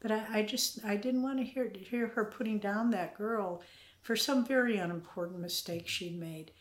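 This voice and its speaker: An older woman gently and earnestly telling a personal spiritual story in an interview, at times dropping to a whisper. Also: medium pitch, moderate pace. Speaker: interviewee, spiritual community member. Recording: roomy echo.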